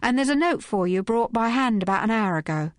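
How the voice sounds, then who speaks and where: A prim young housemaid, earnest and respectful, her voice lifted higher than her reader's own, as a woman puts her on. Dry and close, with a fuller, lively lilt. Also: fairly quick, dry recording, close to an everyday voice. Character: young working-class maid, prim and earnest.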